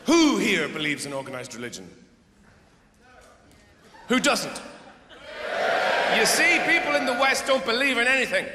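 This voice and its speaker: A man's voice: mid-range voice, bright, forceful tone. A middle-aged male stand-up comedian, rambling, profane and exasperated, performing live on a theatre stage. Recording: echoey hall with crowd noise.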